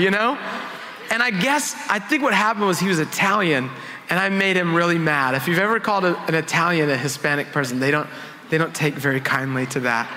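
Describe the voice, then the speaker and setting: A man's voice: high voice, a little fast, bright, forceful tone, in a large hall, slight background noise. A man, a worship pastor, giving a conversational sermon full of self-deprecating personal stories in a church sanctuary.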